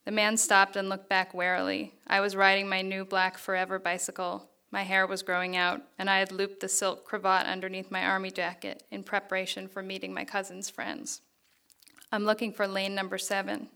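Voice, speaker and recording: Woman author, fiction reading: even, flat delivery, bright, crisp voice with some fry. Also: mid-range voice, moderate pace, few pauses.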